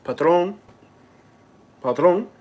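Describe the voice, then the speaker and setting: A man's voice: sits high, animated, very slow, lo-fi sound. A man live-streaming from his home on a phone, chatting casually with viewers in a joking, mock-aggrieved, complaining way. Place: at home indoors.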